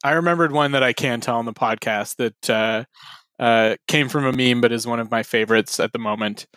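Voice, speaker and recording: A man's voice: medium pitch, fairly quick, no echo. Thirty-something man, casual podcast talk. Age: 30s. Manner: relaxed, laughs easily, swears casually. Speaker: podcast co-host. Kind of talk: casual chat.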